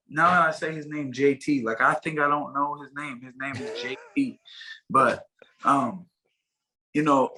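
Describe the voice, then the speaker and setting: A man's voice: on the high side, pushed and bright, low-quality recording. A man being interviewed as a fighter guest, talking casually and rambling with many fillers and restarts over a video call.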